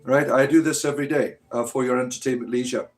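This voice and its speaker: A man's voice: medium pitch, fairly even intonation, fast. Taunting man hosting a livestream. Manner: mocking, taunting. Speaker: livestream host. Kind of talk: casual provocative livestream talk.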